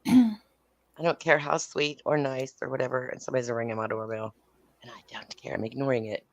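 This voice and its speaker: A woman's voice: rumbling low, fairly quick. A woman telling a story in casual chat. She is blunt and profane and laughs as she talks. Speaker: podcast host.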